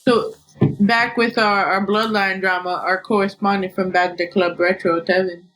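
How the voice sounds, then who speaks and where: A woman's voice: medium pitch, level tone, moderate pace, fairly bright tone, soft background music. A woman hosting a casual wrestling podcast, recapping bluntly and swearing freely. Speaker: podcast host.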